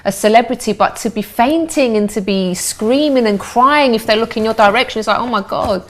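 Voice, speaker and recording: A woman with a London accent hosting a studio talk show, animated and quick to repeat words as she starts a thought. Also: a little high. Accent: London English. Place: living-room studio.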